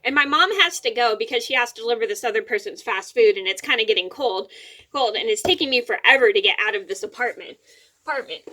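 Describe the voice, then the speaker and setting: Rambling young woman with bright voice. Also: a little high. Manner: rambling, repeats words, quick apologies. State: a little teary-eyed. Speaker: vlogger. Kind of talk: casual storytelling to camera.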